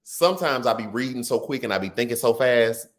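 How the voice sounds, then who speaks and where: A man's voice: medium pitch, fairly quick. A man with a Texas twang hosting a casual political livestream, chatting with viewers and stumbling over words now and then. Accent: Texan. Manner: chatty and animated, calls the audience y'all, stumbles over words. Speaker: political commentary livestream host. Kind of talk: casual livestream commentary, reading viewer comments.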